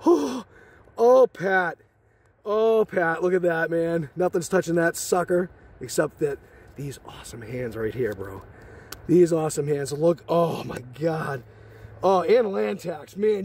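An excited man hosting a card-opening video, exclaiming and joking in slangy chat, so thrilled he says he is shaking. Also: high-pitched, unhurried. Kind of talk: excited box-opening vlog.

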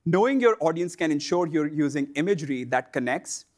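A man presenting a scripted instructional lesson for online sellers, in a measured, explanatory delivery. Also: a little high, animated.

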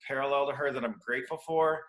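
A man in his fifties from Iowa chats as a guest on a podcast, spinning long anecdotes full of restarts and acted-out quotes. His voice is bright and forceful at an ordinary pitch. The room gives it a noticeable echo. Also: quick pace. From Iowa, United States. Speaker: guest educator. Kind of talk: casual storytelling interview. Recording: roomy echo.

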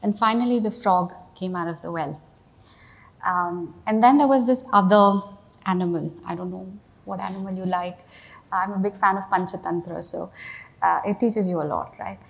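A middle-aged woman delivers a keynote with a slightly low voice. She tells it like a story and keeps it conversational, checking in with the audience with "right?" and "you know". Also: normal speed, vocal fry. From India. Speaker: keynote speaker, CEO. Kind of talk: keynote speech.

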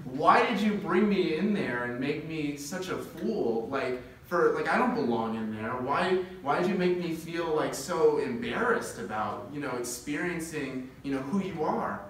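A man's voice: on the high side, lively intonation, measured pace, few pauses, a little hiss or hum. A man voicing a hurt, angry man who was turned away from a church, asking bewildered, pleading questions. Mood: hurt, indignant. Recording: echoey room, distant mic.

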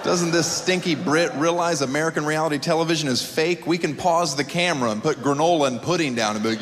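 A man in his thirties works a theater crowd in a sarcastic, incredulous stand-up style, his voice sitting a bit high. His voice rings with a long reverb off the hall. Clear room noise from the audience sits under him. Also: quick pace, hardly any pauses. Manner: sarcastic, incredulous, with sudden pitch jumps into mock voices. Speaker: stand-up comedian. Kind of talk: stand-up set. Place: large theater stage before a live audience.

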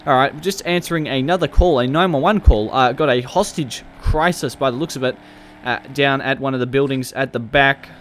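A man's voice: medium pitch, a little fast, hardly any pauses, fairly bright tone, a little hiss or hum. A man giving chatty gameplay commentary through a police roleplay, joking and laughing often and barking commands at suspects. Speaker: gaming video creator.

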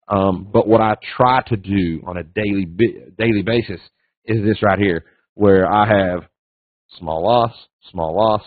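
A man's voice: fairly low pitch, no echo. A man giving a casual, folksy trading lesson as a guest speaker, repeating phrases and acting out little voices in his stories. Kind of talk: casual webinar teaching. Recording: dry tinny phone-like line.

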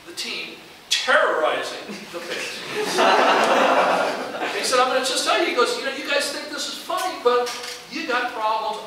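Older male alum, animated storyteller, higher voice, hissy distant recording in a roomy hall. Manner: animated anecdote-telling, acting out quoted dialogue. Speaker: alumnus speaker. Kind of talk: storytelling speech. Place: large room at a reunion event. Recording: echoey hall, distant mic, hiss.

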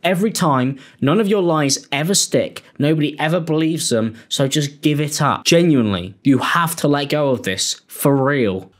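A man's voice: a little high, expressive, moderate pace, few pauses. A young British man giving blunt, sweary, exasperated commentary as the host. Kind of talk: angry commentary.

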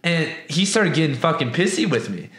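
A young man from the West Coast giving a casual, rambling book review, profane and animated, with many restarts. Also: fairly high pitch, moderate pace. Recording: echoey room.

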